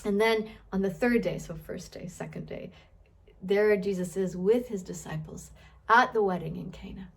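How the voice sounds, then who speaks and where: A woman teaches scripture in a relaxed, conversational way. She thinks aloud, often restarts and repeats words, and keeps putting questions to her listeners. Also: medium pitch, normal speed, creaky. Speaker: Bible teacher. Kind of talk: casual Bible teaching.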